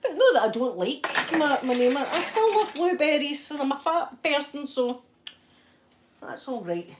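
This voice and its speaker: A woman's voice: high-pitched, big pitch swings, moderate pace, background noise. A Scottish woman hosting her own channel, chatting casually while ironing and telling stories with frequent laughter. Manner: chatty, storytelling, laughs often. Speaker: channel host.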